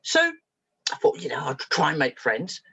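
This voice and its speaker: A woman therapist telling a story to an audience in a lively, humorous, self-mocking way. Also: low voice, a little slow, husky. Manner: lively and humorous, with frequent laughs and self-mockery. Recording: dull lo-fi recording.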